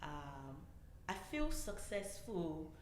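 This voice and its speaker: A woman's voice: sits low, very animated. A woman on a podcast's production team, speaking in casual conversation, hesitant and full of fillers. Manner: slow, hesitant, with many fillers. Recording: echoey room with faint noise.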